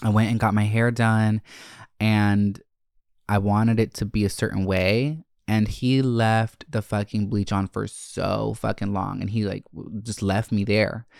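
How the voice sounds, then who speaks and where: A man hosting a podcast, telling stories in a brash, profane, animated way and acting out quotes. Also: fairly low pitch, unhurried, creaky, no room sound, studio quality. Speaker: podcast host. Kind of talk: casual storytelling chat.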